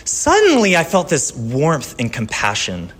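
Animated male pastor preaching. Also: a little high, a little slow, slightly rough. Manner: conversational, personal storytelling with shifts from lively to hushed. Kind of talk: sermon.

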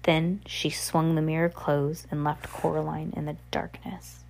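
Woman reader for a read-aloud novel: low, gravelly voice, drops in offhand remarks. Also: flat delivery, measured pace, darkish tone. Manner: casual asides breaking into the reading.

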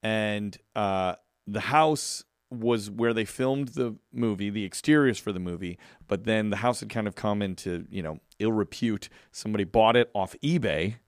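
A man in his thirties co-hosting a podcast, telling stories and reacting with excitement. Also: fairly low pitch, moderate pace, few pauses, no echo, clean studio sound. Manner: enthusiastic, storytelling, excitable reactions. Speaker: podcast co-host. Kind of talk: casual chat.

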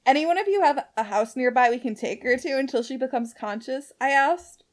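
A young woman co-hosting, reading a fan fiction aloud in a quick narrating voice and breaking off to laugh and comment. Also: sits high. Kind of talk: comedic read-aloud narration.

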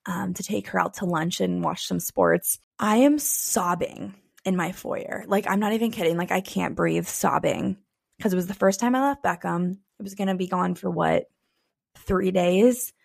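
A woman's voice: fairly low pitch, normal speed, gravelly, dry recording, clean studio sound. A young woman co-hosting a podcast, telling personal stories in a candid, chatty way. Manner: candid, chatty, frequent "like" fillers. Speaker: podcast co-host. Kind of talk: casual personal storytelling.

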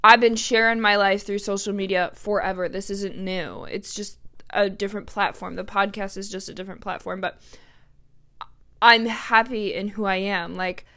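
A woman's voice: mid-range voice, fairly even intonation, moderate pace, pushed and bright. A woman in her twenties hosting her own podcast, talking candidly and emotionally with lots of "like" and fillers. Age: 20s. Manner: chatty, emotional, heavy use of "like". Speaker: podcast host. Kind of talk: candid solo podcast monologue.

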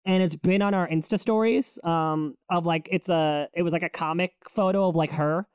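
Podcast co-host, male, lively storyteller, dry close mic. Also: normal speed, clear, resonant tone, dry recording. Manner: animated storyteller, acts out quotes in a higher voice. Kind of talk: casual chat.

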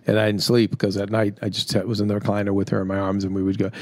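A man's voice: fairly low pitch, flat delivery, fast talker, a little mellow. A middle-aged man co-hosting a chat show, rambling and joking at his own expense. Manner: rambling, self-mocking, jokey. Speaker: podcast co-host. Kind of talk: casual chat.

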